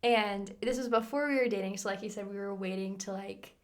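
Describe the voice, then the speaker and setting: A young woman co-hosting a podcast, telling a story in a casual, animated way, giggling and acting out the dialogue. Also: mid-range voice, brisk. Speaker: podcast co-host.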